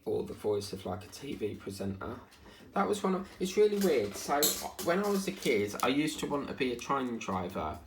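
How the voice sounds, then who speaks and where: A man rambles casually as he works on his craft, his voice rough with a gravelly fry. He is recorded in an echoey room at home with faint noise behind him. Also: medium pitch, big pitch swings, moderate pace. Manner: rambling, chatty, hums and sings snippets. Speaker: diamond painting vlogger. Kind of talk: casual chat while crafting.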